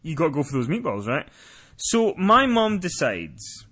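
A man tells a story on a podcast in a lively, swooping voice. His tone is bright and forward. He rambles, doubles back and restarts as he goes. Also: on the high side, moderate pace, slightly rough. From lives in Scotland. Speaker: podcast co-host. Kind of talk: casual podcast chat.

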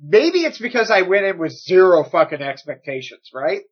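A man's voice: high-pitched, big pitch swings, moderate pace, breathy edge. A man co-hosting a casual chat, stammering through restarts and joking sarcastically. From United States. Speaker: podcast co-host. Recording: slightly muffled audio.

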